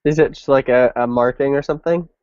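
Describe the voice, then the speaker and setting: A young man chatting casually about a game, hesitant and halting with many pauses. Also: mid-range voice, darkish tone, clean tone, dry recording, muffled recording. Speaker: younger brother, gaming channel host. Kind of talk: casual chat.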